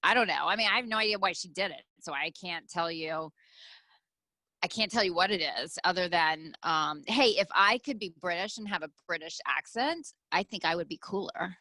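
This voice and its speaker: A woman's voice: on the low side, moderate pace, bright, forceful tone, no echo. A woman co-hosting a podcast, giving blunt opinions in casual bickering chat with frequent ums. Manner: blunt, opinionated, hesitant fillers. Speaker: podcast co-host.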